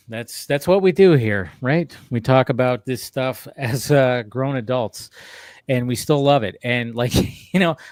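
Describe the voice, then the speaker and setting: A man hosting a casual chat, telling animated stories with frequent laughter and restarts. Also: medium pitch, dry recording. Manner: animated storyteller, laughs often, many restarts. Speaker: podcast host.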